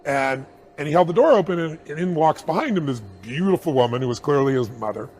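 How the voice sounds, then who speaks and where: A middle-aged man telling a personal anecdote in an interview, animated and chuckling as he acts out the dialogue. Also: on the high side, fast talker. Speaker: interview guest.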